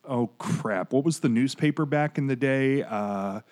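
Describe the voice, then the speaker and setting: A man's voice: mid-range voice, a little slow, a little mellow. A man in his forties hosting a podcast, chatting casually and digressing as he reads out award winners. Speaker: podcast host.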